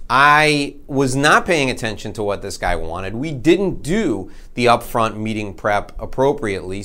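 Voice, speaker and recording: A man giving a sales training talk, telling an energetic, self-mocking story in a conversational way. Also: mid-range voice, clean tone.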